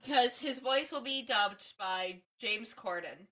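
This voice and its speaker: A woman co-hosting a podcast in casual chat, joking in a playful, deadpan way. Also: a little high, slow. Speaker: podcast co-host.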